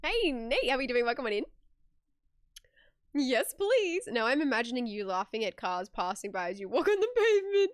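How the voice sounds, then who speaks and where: A woman's voice: fairly high pitch, big pitch swings, normal speed, clear, resonant tone, no room sound, studio quality. A young woman streamer chatting casually with her viewers, giggly and talkative, reading messages aloud.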